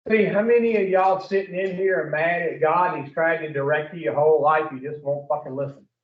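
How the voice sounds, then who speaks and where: High-voiced man preaching bluntly in an echoey room. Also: fairly even intonation, fairly quick. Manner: blunt and profane, peppers the group with questions. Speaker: addiction recovery speaker. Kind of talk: preaching-style group talk. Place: room with a group. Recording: echoey room, distant muffled mic.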